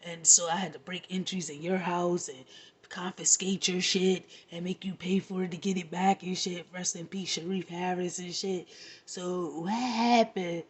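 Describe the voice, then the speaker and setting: A woman telling a long profane story in an animated, rambling rant, laughing now and then. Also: on the low side, moderate pace, slightly rough. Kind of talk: casual rant to camera.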